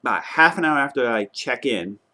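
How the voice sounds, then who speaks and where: A young man vlogging casually, retelling a travel mishap in an exasperated, animated way and swearing now and then. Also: mid-range voice, moderate pace. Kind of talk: casual travel vlog rant.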